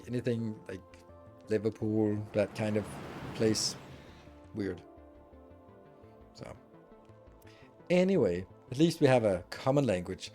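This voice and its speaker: A man streaming a factory-building game, giving rambling, chatty commentary with the odd swear and laugh. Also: on the low side. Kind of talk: casual gameplay commentary.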